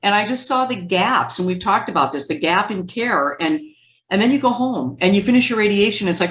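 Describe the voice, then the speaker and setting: A woman being interviewed as a therapist, telling stories in a lively way and acting out the quoted speech. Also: mid-range voice, fairly quick, echoey room. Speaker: guest therapist. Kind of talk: conversational interview.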